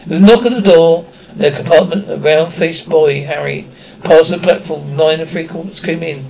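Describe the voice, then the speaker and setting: Gravelly man reading a novel aloud. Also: a little high, normal speed, a little mellow, lo-fi sound. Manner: reads with frequent slips and restarts. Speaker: audiobook reader.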